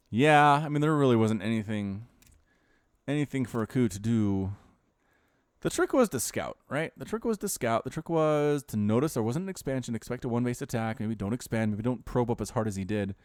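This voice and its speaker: Lively man casting a strategy game. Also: medium pitch, normal speed, no echo, clean studio sound. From United States. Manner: animated, chatty, addresses viewers directly. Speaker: esports caster. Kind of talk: video game replay commentary.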